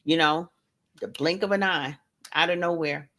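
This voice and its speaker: A woman's voice: low voice, moderate pace, a bit bright. Chatty woman hosting a home livestream. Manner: chatty, greets viewers by name, playful asides. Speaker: livestream host and author. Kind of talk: casual live-stream chat.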